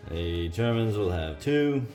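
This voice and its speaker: A man's voice: fairly low pitch, animated, slow pace, warm tone. A man hosting a solo board wargame playthrough, thinking aloud as he counts up modifiers and dice rolls, with frequent "uh"s. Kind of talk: solo tabletop game commentary. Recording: echoey room, faint music.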